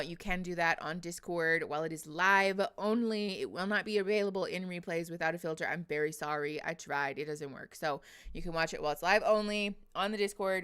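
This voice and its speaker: A woman's voice: lowish voice, a bit bright, smooth. A woman hosting a casual livestream, chatty and emotional, reading viewers' names aloud with frequent laughs. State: teary after crying. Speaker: livestream host.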